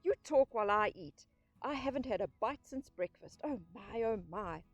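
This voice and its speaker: A woman voicing an excitable, shabby male mole who cheers loudly and then grumbles in an audiobook reading. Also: mid-range voice, normal speed, dry recording, lo-fi sound, faint music behind. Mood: grumbling.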